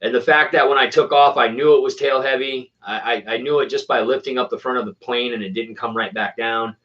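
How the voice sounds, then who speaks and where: A man's voice: mid-range voice, steady tone, fairly quick, fairly bright tone. A man hosting a casual RC plane channel, chatting with viewers in laid-back slang. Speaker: RC plane hobbyist host. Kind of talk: casual chat, replying to viewers. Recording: distant, dull lo-fi sound.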